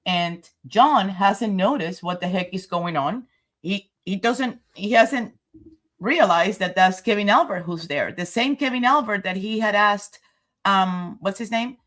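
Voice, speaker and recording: A woman's voice: mid-range voice, a bit bright. A woman livestreaming commentary who talks straight to her viewers in an emotional, rambling way, stopping often to walk them through video footage. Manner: narrates video footage step by step.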